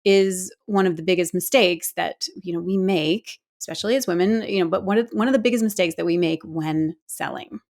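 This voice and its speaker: A woman's voice: fairly low pitch, fairly quick, hardly any pauses, a little mellow. A woman, a doctor, hosting an interview and encouraging her guest in casual talk. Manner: friendly, encouraging, many hums of agreement. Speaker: podcast host, doctor.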